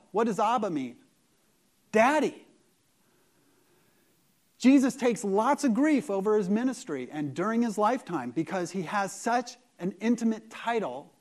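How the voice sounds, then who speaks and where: A man with a high voice preaches with lively energy. He asks rhetorical questions and swings from loud emphasis to hushed asides. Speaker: pastor. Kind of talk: sermon.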